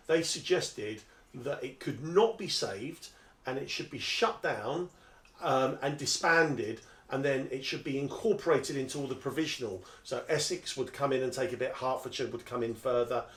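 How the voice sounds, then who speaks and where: A man interviews his guest in a forceful, emphatic way, his voice sitting at an ordinary middle pitch. The room around him gives a clear echo. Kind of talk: conversational interview. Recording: roomy echo.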